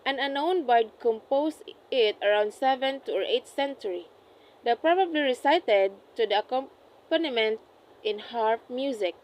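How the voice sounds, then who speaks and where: A young woman, a student, reading a class report aloud, carefully and deliberately, often correcting herself mid-phrase. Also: on the high side, animated, darkish tone, rough recording. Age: young adult. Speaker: student presenting an assessment.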